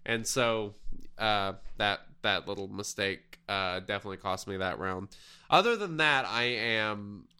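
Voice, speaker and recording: Slow, bright-toned male podcast host. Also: fairly low pitch, clean tone. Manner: relaxed, rambling with fillers. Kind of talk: casual gaming chat.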